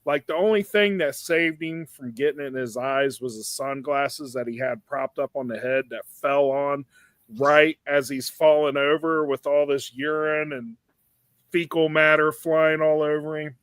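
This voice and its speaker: A man's voice: a little high, fairly even intonation, measured pace, fairly bright tone, clean tone, dry recording. A man co-hosting a podcast, telling a long, rambling, crude anecdote in casual chat. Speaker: podcast co-host.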